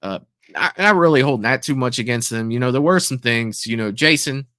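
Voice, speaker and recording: A man's voice: medium pitch, lively intonation, a little fast, pushed and bright, dry recording, clean studio sound. A man co-hosting a fan-film review show, speaking in an easygoing casual chat full of hedges. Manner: easygoing, hedging with "you know". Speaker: co-host reviewing fan films.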